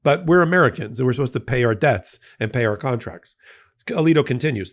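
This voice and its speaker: A middle-aged man talks through a court decision in a casual explanatory manner. His voice sits in an ordinary mid range, and he pauses on fillers and restarts as he unpacks each point. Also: mid-range voice, expressive. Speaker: legal commentator. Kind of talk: legal analysis commentary.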